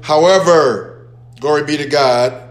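A man preaches a sermon, pressing his points by repeating key phrases and building emphasis. His voice sits a little high. The sound rings in an echoey church room. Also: slow pace. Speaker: pastor.

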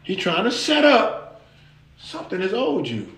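A man preaching a lively sermon, talking straight to his listeners in a casual, conversational way. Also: sits high, normal speed, roomy sound. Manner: animated, conversational, addresses listeners directly.

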